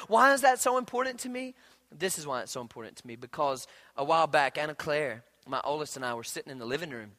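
A pastor in his thirties delivers a sermon in a high, bright voice. He tells personal stories almost quietly, then surges into loud, driving emphasis. His tone stays forceful and clear throughout. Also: expressive, quick pace. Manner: swings from hushed storytelling to loud emphatic preaching.

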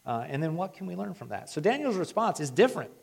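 A man's voice: fairly high pitch, very animated, fast talker, vocal fry, slightly rough. A man preaching a sermon in a conversational way, growing emphatic as he stresses his points.

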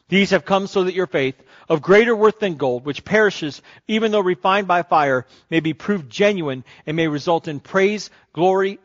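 A man preaching a sermon as pastor, moving between calm teaching and rising, excited storytelling. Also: fairly high pitch. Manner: builds from calm teaching to loud excited crowd-cheering passages. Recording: dull lo-fi sermon recording.

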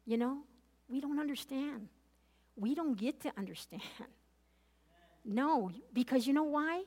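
A high-pitched, slightly mellow voice belongs to a Bible teacher who speaks at a measured pace and pauses often. Leading a conversational Bible study, she earnestly asks her audience questions and keeps repeating and restarting her phrases.

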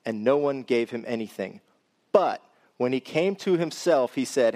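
A man's voice: mid-range voice, expressive, normal speed, darkish tone. A man preaching a sermon, reading scripture and then explaining it in a conversational way that speaks directly to the congregation.

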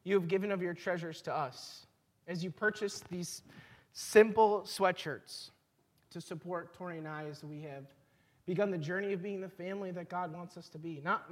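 Guy preaching, pretty high voice, chatty storytelling sermon. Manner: storytelling, conversational, pauses for emphasis. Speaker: pastor.

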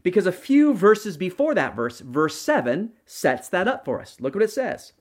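A man's voice: sits high, big pitch swings, moderate pace. A middle-aged man preaching a sermon as a pastor, earnest, often restarting and checking in with "right?".

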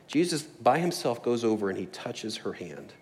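A man's voice: mid-range voice, sing-song, moderate pace, a little mellow, a little hiss or hum. A man preaching a sermon in a church, conversational and prone to laughing, building to emphatic passages. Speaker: pastor. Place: church sanctuary.

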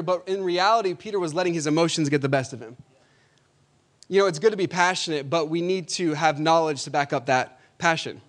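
A man preaching a sermon, swinging between loud emphatic declarations and quieter storytelling, slowing down to stress key phrases and calling out to the congregation. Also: sits high.

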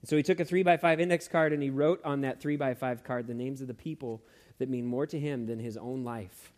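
A man preaching a sermon who tells stories in an animated way, with many fillers and restarts. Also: mid-range voice, brisk.

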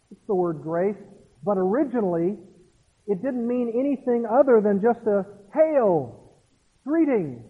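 A man's voice: sits high, breathy edge. A man preaching an expository sermon, earnestly explaining a passage and putting questions to the congregation. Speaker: pastor. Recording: tinny phone-like sound in a long reverberant hall.

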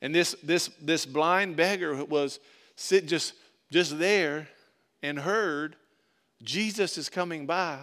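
A male pastor, preaching a conversational sermon that swells into emphatic bursts and drops to soft asides. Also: fairly high pitch, slow.

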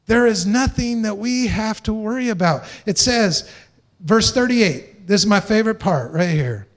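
With a high-sitting voice, lively intonation, and a moderate pace, a man delivers a sermon as pastor. He is emphatic, repeating phrases for emphasis and lightly joking with the congregation.

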